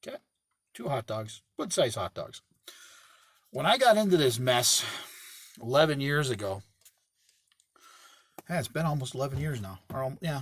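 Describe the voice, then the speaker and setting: A middle-aged man who owns a septic pumping business, talking casually to camera from inside his parked work truck, rambling and correcting himself as he goes. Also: mid-range voice. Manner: rambling, self-correcting, plainspoken.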